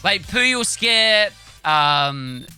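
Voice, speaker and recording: A man's voice: sits high, sing-song, very slow, pushed and bright, faint music behind. A man commentating his own live speedrun, chatting and explaining tricks as he plays. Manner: chatty, explains tricks while playing, cheers on his character.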